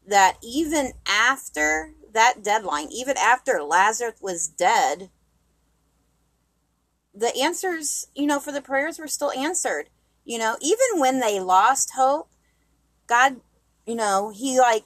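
A woman's voice: fairly high pitch, very animated, a bit bright, dry recording. A woman co-hosting a Christian radio program, sharing her thoughts on faith in a sincere, rambling way. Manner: sincere, rambling, quick bursts. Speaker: radio co-host. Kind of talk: casual reflective talk on faith.

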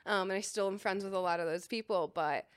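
A woman's voice: mid-range voice, fast, smooth, no echo, clean studio sound. A young woman from California chatting casually as a podcast guest, full of fillers and laughs.

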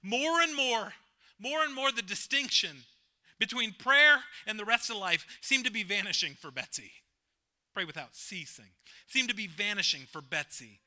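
A man's voice: high voice, lively intonation, normal speed, sharp tone. A male pastor giving a sermon, emphatic and repeating his key phrases.

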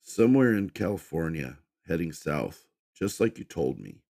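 A man doing a calm, patient young woman. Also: low-pitched, gravelly, no room sound, studio quality, full character voice. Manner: calm, measured.

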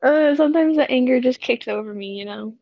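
Woman, podcast co-host, blunt, sassy, high-pitched, dull lo-fi sound. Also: brisk, vocal fry. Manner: blunt, sassy, laughs often, tags lines with "okay?". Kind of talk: casual chat.

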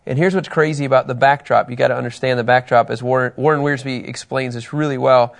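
A man leads a group Bible lesson, reading scripture aloud and animatedly questioning his listeners. His voice is medium in pitch and fast, with some vocal fry.

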